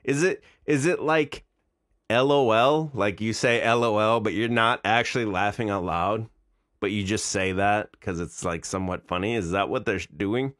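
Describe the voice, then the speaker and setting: A man's voice: lowish voice, normal speed, fairly bright tone, dry recording, clean studio sound. A man in his forties streaming live, reacting to videos in casual, incredulous, mocking commentary. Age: 40s.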